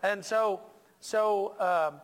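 A man's voice: high-pitched, extremely slow, clean tone. A male pastor preaching a sermon in a church, joking with the congregation and stressing lines with emphatic repetition.

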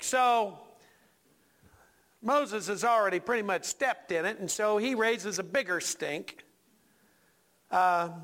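A male pastor preaching a sermon in a church, folksy and animated, talking to the congregation with asides and questions. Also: high-pitched.

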